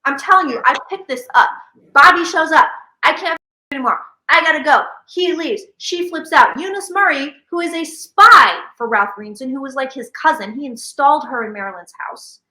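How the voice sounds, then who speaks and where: A woman with a bright, forceful voice and a slightly high pitch tells stories with lively energy. She acts out quoted lines as she goes. The room gives her voice a noticeable echo. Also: normal speed. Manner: animated storyteller who acts out quoted speech. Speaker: psychic medium and host. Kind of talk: casual chat.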